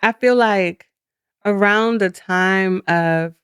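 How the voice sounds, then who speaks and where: Smooth-voiced woman in candid chat. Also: medium pitch, slow, dry recording, clean studio sound. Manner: animated, laughing, slangy and expressive. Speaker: podcast co-host.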